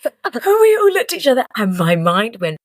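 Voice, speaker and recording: A woman's voice: on the high side, moderate pace, dry recording, clean studio sound. A young woman co-hosting a podcast, telling party stories in casual chat and acting out the people in them. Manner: animated, acts out voices in her stories. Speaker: podcast co-host.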